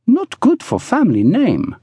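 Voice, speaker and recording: Man doing a deadpan young woman, broken english, higher voice, dry close sound. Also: measured pace, slightly rough, no echo, exaggerated voice. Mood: matter-of-fact. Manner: broken English, matter-of-fact. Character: young Hong Kong woman, practical, unimpressed.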